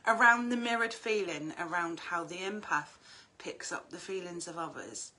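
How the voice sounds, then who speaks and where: A woman's voice: fairly low pitch, normal speed, few pauses. A middle-aged woman, chatting casually on a livestream as an oracle card reader, talkative and prone to swearing. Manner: chatty, animated, swears freely.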